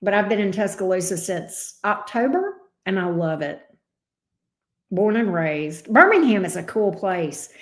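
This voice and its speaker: A woman's voice: medium pitch, big pitch swings, unhurried, echoey room. A woman with a Southern US accent, a tarot reader chatting casually with viewers on a livestream, laughing often and swearing freely. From coastal Alabama, US.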